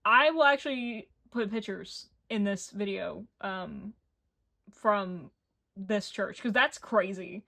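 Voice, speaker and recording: A woman's voice: mid-range voice, slow pace, creaky, pushed and bright, dry recording. A young woman from Appalachia, chatting casually and gushing about books in a reading vlog. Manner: chatty, gushing and self-deprecating. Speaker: book vlogger. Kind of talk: casual chat.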